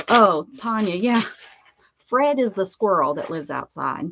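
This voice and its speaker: A woman's voice: mid-range voice, lively intonation, unhurried, creaky, a bit bright, muffled recording, a little hiss or hum. A woman hosting a casual crafting livestream from home, chatty and laughing, who coos baby talk to her dog between crafting tips. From Pennsylvania, USA. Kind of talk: casual live-stream chat while crafting.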